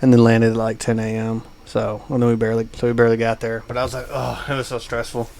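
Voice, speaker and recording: The podcast co-host speaks quickly in a monotone, his mid-range voice a little mellow. He casually rambles through a lengthy travel anecdote, filling it with "uh" and "like."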